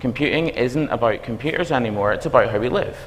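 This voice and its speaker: A man with a Belfast accent giving a conference talk as a university dean, talking fast and quizzing the audience. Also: medium pitch, a little hiss or hum. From Northern Ireland. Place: lecture hall. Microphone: stage microphone. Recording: reverberant hall.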